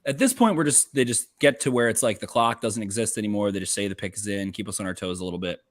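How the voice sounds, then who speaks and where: Low-voiced man breaking down draft picks. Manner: rapid, profane football analysis. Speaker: podcast co-host. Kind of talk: casual draft-night chat.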